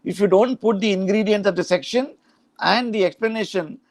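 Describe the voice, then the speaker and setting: Indian male law professor, middle-aged, high and dry-toned, lecturing students with frequent "huh?" checks. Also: brisk, dry recording. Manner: explanatory, frequent "huh?" and "uh" asides, mixes in Hindi phrases.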